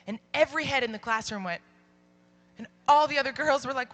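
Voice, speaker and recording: A woman's voice: high voice, fast talker. A young woman, a Christian speaker, telling a story to an audience and acting out the dialogue.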